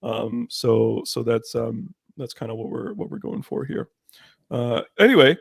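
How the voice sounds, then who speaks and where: A man's voice: medium pitch, sing-song, a little slow, vocal fry, slightly rough, dry recording, studio quality. A man co-hosting a casual live-streamed wrestling podcast, rambling and swearing, with many fillers and restarts. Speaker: podcast co-host. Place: room by candlelight. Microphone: handheld microphone.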